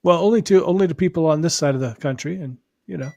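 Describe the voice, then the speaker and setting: A man's voice: on the high side, fast talker, gravelly, darkish tone, no room sound, clean studio sound. A male host with a Californian accent chatting casually on a live stream, laughing easily and often restarting his sentences.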